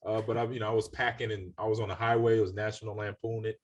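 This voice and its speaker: A man in his forties co-hosting a casual sports podcast, telling relaxed stories from his playing days. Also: fairly low pitch, quick pace, highs cut off. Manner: relaxed storyteller, quotes coaches, laughs easily. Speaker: podcast co-host, former NFL running back.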